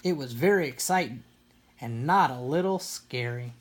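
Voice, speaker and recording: A woman reading a children's picture book aloud in an even storytelling manner. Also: a bass voice, moderate pace. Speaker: storybook reader.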